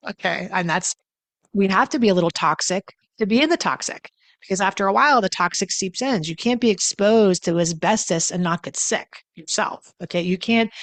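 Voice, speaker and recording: A woman's voice: mid-range voice, no room sound. A woman giving casual relationship advice to camera in a blunt, emphatic way, swearing freely and repeating words for stress. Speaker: relationship coach.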